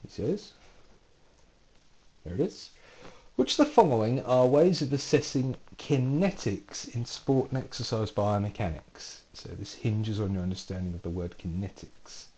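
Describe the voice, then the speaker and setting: A man lecturer reads out multiple-choice quiz questions, lettering each option. His voice swings lively up and down in pitch. He keeps it playful with dry asides and corrects himself as he goes. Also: a little slow. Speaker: university lecturer.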